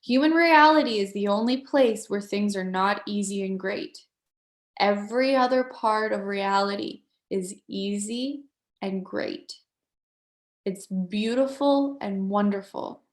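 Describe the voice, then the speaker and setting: A woman's voice: mid-range voice, unhurried, reverberant. A woman leading a live online motivational workshop, talking in a playful, upbeat way and coaxing her audience along. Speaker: workshop facilitator.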